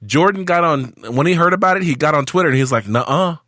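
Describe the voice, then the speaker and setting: A man hosting a casual sports podcast, jokey and energetic, acting out quotes as he goes. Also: fairly high pitch, rapid-fire, no echo, studio quality. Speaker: podcast host.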